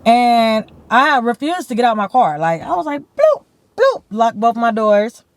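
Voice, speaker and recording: A woman's voice: fairly high pitch, moderate pace, dry recording. Cali woman spilling a story to her camera, blunt, lots of "like" and cussing, dry sound. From San Bernardino, California. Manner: blunt, animated, swears freely, fills with "like". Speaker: vlogger telling a story. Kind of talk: casual storytime. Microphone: camera mic.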